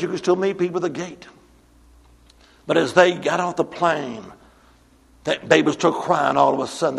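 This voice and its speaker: A man preaching a sermon, telling stories with repeated refrains and swinging from booming calls to hushed near-whispers. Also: vocal fry, breathy edge, in a large hall. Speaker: pastor. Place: church sanctuary.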